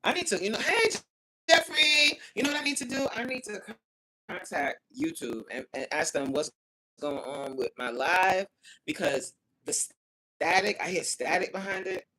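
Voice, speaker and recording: A woman talks to her viewers over a phone livestream from home, her voice lower than most and swinging widely in pitch. She reads comments aloud and grumbles about the stream cutting out, in a loose, chatty way. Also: sing-song, moderate pace, bright, forceful tone. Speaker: livestream host reading chat. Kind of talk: casual livestream chat.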